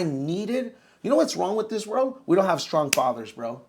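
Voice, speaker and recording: A man in his thirties tells his own story on a podcast, with a voice a little higher than most men's. He talks casually and with energy, calling the host bro as he goes. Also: moderate pace, gravelly. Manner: animated, says bro a lot. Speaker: podcast guest.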